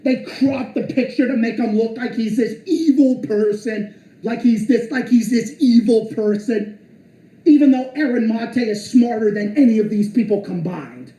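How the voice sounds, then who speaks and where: A man's voice: very high voice, normal speed, mellow, echoey room, low-quality recording. A man streaming an angry, profane and sarcastic rant, sounding exasperated.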